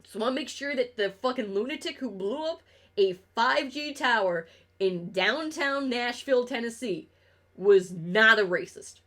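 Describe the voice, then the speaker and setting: A young woman with a slightly high voice chats her way through a game stream. She rambles from topic to topic, swearing freely and laughing often, with a sarcastic edge. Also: animated, a little slow, fairly bright tone. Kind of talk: casual chat while gaming on stream.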